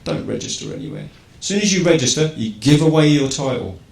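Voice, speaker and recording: Fairly high and a little mellow, with vocal fry and lively intonation, a man from England talks at a quick pace to a live audience. The setting is an echoey event hall with faint ambience, and his informal talk features rhetorical questions and a habitual "right?"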